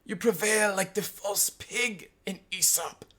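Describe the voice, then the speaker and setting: A man's voice: high voice, unhurried, a bit bright. A man narrating an audiobook. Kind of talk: scripted narration.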